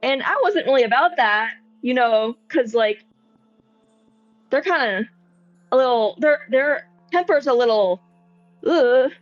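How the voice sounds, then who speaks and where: A woman's voice: high-pitched, expressive, a little slow, pauses often, no room sound, highs cut off, faint music behind. A woman voicing a nervous, rambling young man in a tabletop game, talking hesitantly with lots of fillers. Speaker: player. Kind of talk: tabletop role-play in character.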